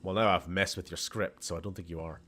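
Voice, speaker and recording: A man's voice: deep voice, steady tone, fast, sharp tone. A man with a Scottish accent giving casual, rambling let's-play commentary, laughing often and talking to the characters on screen. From Scotland. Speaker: gaming channel host.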